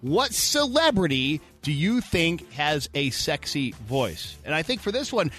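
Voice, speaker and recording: A man hosting a morning radio show, bantering in a jokey, animated way and taking callers. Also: fairly high pitch, a little slow, soft background music. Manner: lively, jokey, animated delivery.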